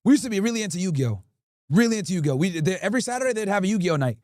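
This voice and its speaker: Animated, high-pitched storytelling man. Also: very fast, no echo, studio quality. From Connecticut, USA. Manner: animated, crude, laughing storyteller. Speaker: livestreamer. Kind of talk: casual storytelling to chat.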